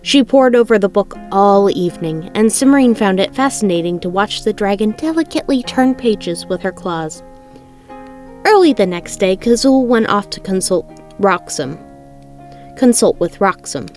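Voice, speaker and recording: A woman's voice: medium pitch, animated, moderate pace, a little mellow, faint music behind. A woman reading a novel aloud chapter by chapter in a casual way, often correcting herself mid-sentence. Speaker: reader of a book aloud. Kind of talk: casual read-aloud narration.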